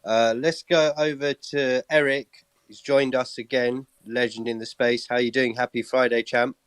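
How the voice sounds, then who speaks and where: A man's voice: mid-range voice, flat delivery, moderate pace, fairly bright tone, clear, resonant tone. A man hosting a casual live chat, hyped and bantering as he passes the floor to guests. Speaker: host.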